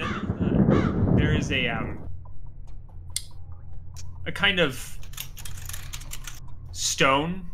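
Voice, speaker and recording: A man narrating as game master in a tabletop game, halting, with many fillers. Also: a little high, background noise.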